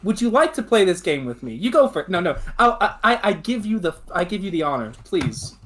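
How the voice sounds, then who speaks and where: A man's voice: high voice, sing-song, fast talker, a bit bright. A man with a slightly raised voice plays a tabletop game. He talks in a brash, laid-back way and swears often. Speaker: player.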